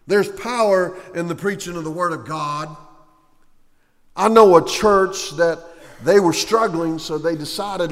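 A male preacher giving a sermon, swinging between loud, emphatic lines and hushed, slow ones. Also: fairly high pitch, big-room sound.

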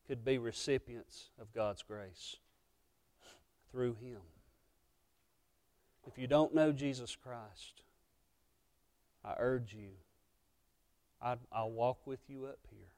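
Slow and pausing often, this medium-pitched man delivers a sermon as a pastor. His preaching is passionate and full of feeling, rising to loud stretches and dropping to quiet ones.

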